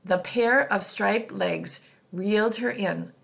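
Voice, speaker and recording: A woman's voice: medium pitch, slow pace, vocal fry. A woman narrating a children's novel aloud in a plain reading voice. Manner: plain reading with occasional slips and restarts. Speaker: audiobook reader. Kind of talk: storybook narration.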